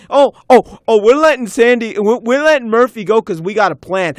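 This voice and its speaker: A young man, ranting and shouting in exasperation on a sports podcast. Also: very high-pitched, expressive, brisk, hardly any pauses, no room sound, clean studio sound. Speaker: podcast host. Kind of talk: heated sports rant.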